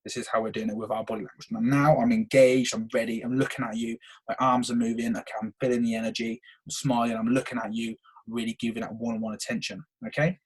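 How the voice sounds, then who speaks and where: A man's voice: medium pitch, level tone, fast, breathy edge. A young man hosting a solo podcast, talking with eager energy and peppering his points with "okay". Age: young adult. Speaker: podcast host. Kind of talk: solo motivational podcast talk.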